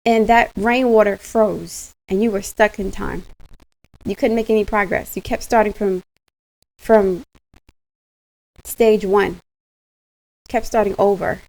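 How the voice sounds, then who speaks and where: A woman giving a casual tarot reading straight to her viewers, animated and slangy, laughing often. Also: mid-range voice, slow, creaky, pauses often, poor audio. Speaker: tarot reader.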